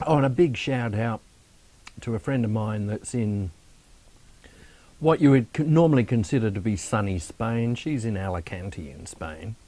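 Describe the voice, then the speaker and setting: A man's voice: fairly low pitch, normal speed, dark tone. A man, co-hosting a casual chat and ribbing his mate. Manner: teasing, banter. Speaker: co-host.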